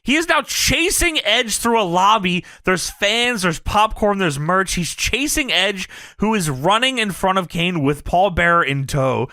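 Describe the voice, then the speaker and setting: Animated, bright-voiced man recapping wrestling. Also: high voice, a little slow, few pauses, no echo, clean studio sound. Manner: animated and profane, jumping into quoted voices. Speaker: podcast co-host. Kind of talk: casual recap of old wrestling shows.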